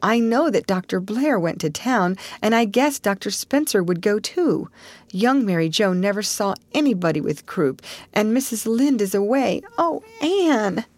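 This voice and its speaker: A woman's voice: mid-range voice, very animated, a little slow, darkish tone, no room sound, pitched above the performer's own voice. A woman reading a storybook and voicing a frightened, breathless young girl who pleads tearfully. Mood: frightened pleading. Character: scared breathless little girl, Diana.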